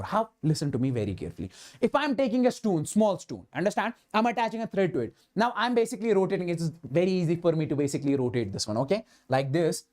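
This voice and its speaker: A man's voice: high-pitched, darkish tone. Emphatic Indian-accented male physics teacher. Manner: emphatic, keeps asking "understand?" and repeating himself; mixes Hindi words into English. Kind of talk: live online lecture.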